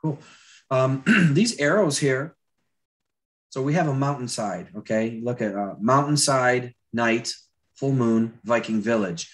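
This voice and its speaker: With a medium-pitched, expressive voice and an unhurried pace, a man teaches storyboarding in a live drawing demonstration. His throat is dry and he clears it often, and his talk is loose and chatty, full of fillers and restarts.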